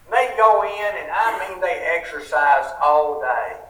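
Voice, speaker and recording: Man, Southern US accent, sermon, slow deliberate delivery, bright tone, folksy rhetorical questions. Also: fairly high pitch, expressive. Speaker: preacher. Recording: roomy sound from a distant mic.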